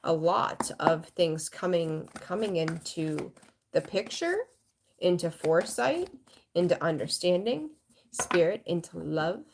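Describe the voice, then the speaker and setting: A woman's voice: on the low side, animated, slow pace, vocal fry, slight background noise. A woman giving a live tarot reading in a frank, rambling way, swearing casually and greeting viewers. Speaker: tarot reader.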